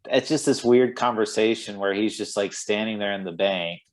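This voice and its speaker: A man's voice: on the low side, normal speed. A man co-hosting a casual film podcast, retelling scenes in a rambling way full of filler words. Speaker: podcast co-host.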